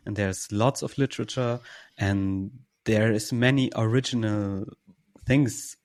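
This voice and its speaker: A man from Germany speaking English in a casual podcast conversation, halting and searching for words. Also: lowish voice, steady tone, darkish tone.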